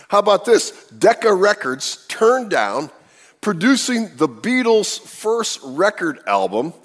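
Male pastor preaching, big swoopy delivery, long echo like a big hall. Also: sits high. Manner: animated, full of rhetorical questions. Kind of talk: sermon. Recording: reverberant hall.

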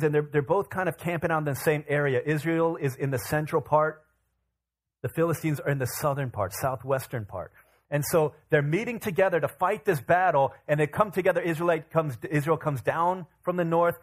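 A male pastor preaching a sermon in an animated, casual storytelling way. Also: a little high, fairly quick.

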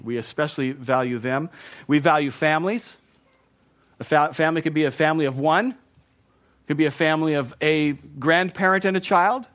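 A man's voice: fairly high pitch, a bit bright. A man in his thirties, a pastor, preaching a sermon in an earnest, emphatic way and often repeating words. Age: 30s.

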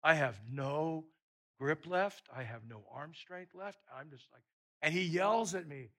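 A man preaching a sermon, telling a personal story in a lively way and often repeating words. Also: a little high, measured pace.

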